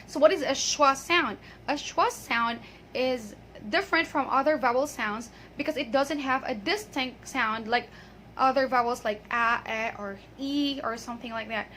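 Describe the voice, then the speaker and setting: A young woman giving an upbeat English pronunciation lesson, often saying okay and slowing down to drill words. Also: on the high side, pushed and bright, a little hiss or hum. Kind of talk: casual video lesson.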